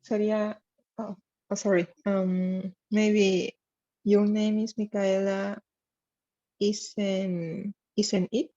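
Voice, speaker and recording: Slow, hesitant female student, dull recording. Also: mid-range voice, little pitch movement, warm tone. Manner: hesitant, reads slowly and corrects herself. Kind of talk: classroom reading.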